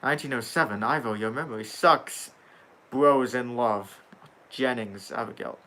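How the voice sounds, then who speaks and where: Young male streamer, bright tone, sarcastic casual banter with chat. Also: mid-range voice, normal speed. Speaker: livestream host reading chat.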